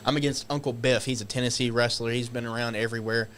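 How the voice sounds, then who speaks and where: A man guest on a podcast, telling stories casually, animated and swearing, acting out shouted quotes. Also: medium pitch, quick pace, slight background noise. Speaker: guest wrestler. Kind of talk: casual storytelling.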